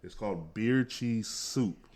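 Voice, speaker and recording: A man's voice: lowish voice, slow pace, a little mellow. A man co-hosting a casual food podcast, easygoing and rambling, with lots of fillers. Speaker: podcast co-host.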